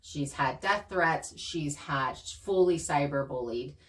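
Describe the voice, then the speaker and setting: A woman co-hosting a channel, casually talking through her experiences in an earnest, animated way. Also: low voice, slow, far from the mic. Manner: earnest, animated storytelling with laughs. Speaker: channel co-host. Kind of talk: casual conversation.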